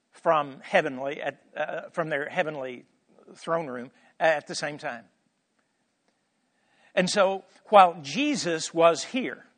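A man with a high voice preaching a sermon. He teaches scripture emphatically, dropping soft and then rising loud, and keeps posing rhetorical questions to his listeners. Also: long reverb tail.

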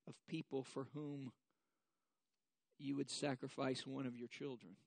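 A man preaching a sermon as pastor, slow and measured, building to emphatic repetition and leading the congregation in reciting scripture. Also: medium pitch, little pitch movement, vocal fry, darkish tone, no room sound.

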